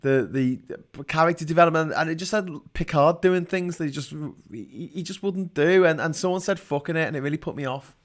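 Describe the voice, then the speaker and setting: A man's voice: on the high side, a little fast, few pauses. A man from Liverpool with a Scouse accent, hosting a casual live call-in chat and swearing freely. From Liverpool, England. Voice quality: sweary, laughs often. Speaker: host.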